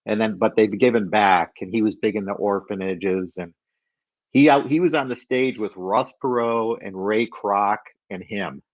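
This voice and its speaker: A middle-aged man telling a story as a podcast guest, animated and acting out the voices of people he quotes. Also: lowish voice, normal speed, no echo, highs cut off.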